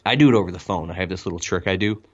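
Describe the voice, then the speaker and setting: A man telling stories as a podcast guest, excitable and rambling with emphatic asides. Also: sits low, rapid-fire, husky, muffled recording. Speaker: guest, window cleaning business owner. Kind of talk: casual podcast conversation.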